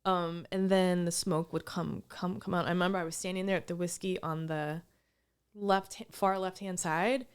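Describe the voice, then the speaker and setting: A woman's voice: lowish voice, steady tone, normal speed, clear, resonant tone. A woman co-hosting a podcast, telling a rambling story in casual chat, full of restarts. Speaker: podcast co-host.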